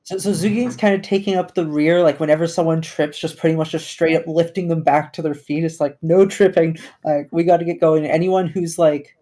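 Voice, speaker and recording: A man's voice: on the high side, fairly even intonation, a little fast, few pauses, mellow. A man playing a tabletop game, describing his character's actions in an easygoing, casual way. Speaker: player.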